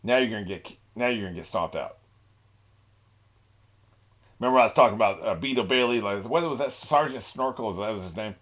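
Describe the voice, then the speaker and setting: A man's voice: fairly low pitch, a little fast, long pauses, a bit bright. A young man hosting an anime reaction, rambling in a laid-back way with frequent laughs and mocking asides. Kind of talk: casual reaction commentary.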